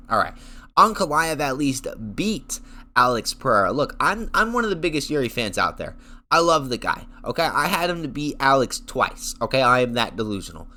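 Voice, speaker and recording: A man's voice: mid-range voice, bright, forceful tone. A young man giving heated, slangy commentary on MMA fights. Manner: heated, slangy, mocking quoted voices.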